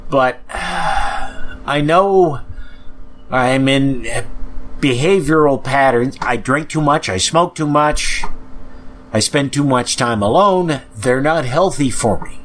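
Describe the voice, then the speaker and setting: A man's voice: mid-range voice, slow, fairly bright tone, a little hiss or hum. A man hosting a podcast, ranting in an angry, profane way with frequent sighs, sounding depressed. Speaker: podcast host. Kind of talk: ranting monologue.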